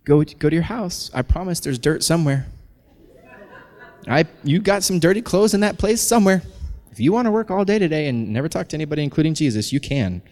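A pastor in his thirties preaching a sermon, animated, building to loud, intense passages. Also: a little high, fairly quick. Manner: animated, climbs to shouting intensity. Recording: long hall reverb.

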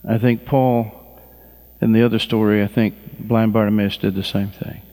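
A man preaching a sermon, telling stories with fervent, lively delivery and leading the congregation in prayer. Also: fairly low pitch, in a large hall. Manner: fervent preaching, acts out voices of people he describes; slow, drawn-out prayer at the close. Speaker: pastor.

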